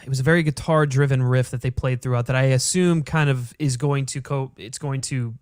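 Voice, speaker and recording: A man hosting a casual film podcast, laid-back and quick to laugh, with some swearing. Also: medium pitch, fairly even intonation, a little mellow, no room sound, studio quality. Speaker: podcast host.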